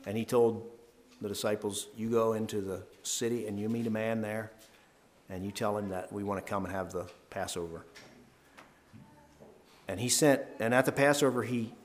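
Over a little hiss or hum, a man leads a devotional session, reading scripture and earnestly talking it through. When he hits the key verses, his voice climbs in pitch and grows louder.

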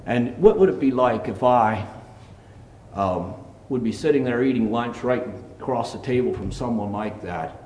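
A mid-range, slightly mellow male voice, with a little hiss or hum in the recording, preaches at a moderate pace. At a church service he delivers a plainspoken, earnest sermon and reads scripture aloud in King James wording.

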